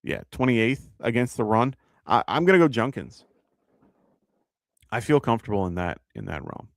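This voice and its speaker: A man's voice: lowish voice, big pitch swings, normal speed, creaky, dry recording, clean studio sound. A man with a New York accent hosting a live fantasy football show, thinking aloud with lots of fillers and self-corrections. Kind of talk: casual live-stream advice.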